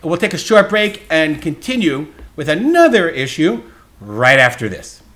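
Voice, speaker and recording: A man hosting a casual podcast chat, telling stories in an animated way and laughing often. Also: a little high, measured pace. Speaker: podcast host.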